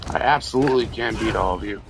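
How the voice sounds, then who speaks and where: A man's voice: lowish voice, fast talker, background noise. A man streaming a video game while drunk, rambling and stammering, swearing at enemies as he plays. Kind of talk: casual drunk gameplay commentary.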